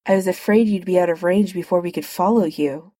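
A woman's voice: on the low side, a little fast, mellow, no room sound, natural voice. A woman reading a firm, earnest soldier hero.

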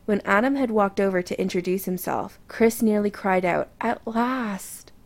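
A woman reading romance fiction aloud in a soft, intimate narration. Her voice has a gravelly, creaky texture. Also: medium pitch, normal speed.

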